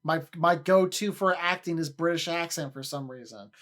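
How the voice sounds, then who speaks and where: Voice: mid-range voice, moderate pace, fairly bright tone. A livestreamer in casual chat with viewers, rambling, often repeating and restarting words, and laughing easily.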